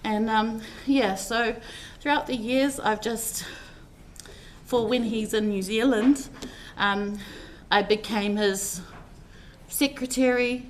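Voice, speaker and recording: A woman's voice: on the high side, fairly even intonation, takes it slowly, slight background noise. A woman telling personal stories in a heartfelt, rambling eulogy, with many fillers as she speaks. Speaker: family member giving a tribute at a funeral service.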